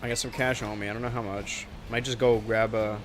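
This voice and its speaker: A man's voice: lowish voice, level tone, fairly quick, background noise. A man streaming a video game from a room at home, chatting casually in a rambling, jokey way. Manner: rambling, goofy, jokey asides. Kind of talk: casual live-stream gameplay commentary. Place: home room with a low ceiling and bright ceiling lights.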